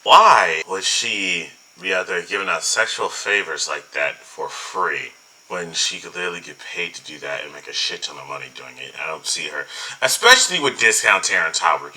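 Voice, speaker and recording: A man's voice: sits low, lively intonation, moderate pace, pushed and bright, low-quality recording. A man hosting reaction commentary, incredulous, emphatic and full of swearing. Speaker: commentary host.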